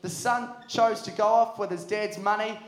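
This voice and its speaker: A young man preaching to a youth camp, energetic and jokey. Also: sits high, moderate pace. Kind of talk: sermon. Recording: echoey hall.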